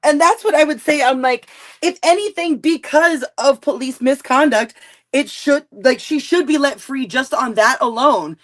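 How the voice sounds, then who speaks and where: A woman's voice: high voice, moderate pace. A woman guest researcher in a casual true-crime chat, rambling with many filler words.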